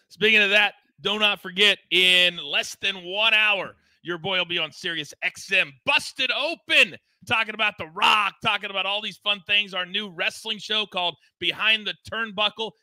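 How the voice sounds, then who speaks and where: A man's voice: high-pitched, pushed and bright, no echo. A man hosting a live sports betting show, talking in a hyped, teasing, promotional way. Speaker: host.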